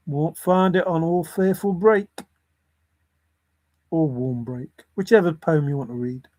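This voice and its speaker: Slow, giggly rambling man. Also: fairly high pitch, a little mellow. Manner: giggly, repetitive, muttering to himself. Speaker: treasure hunt vlogger. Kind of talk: rambling commentary over video.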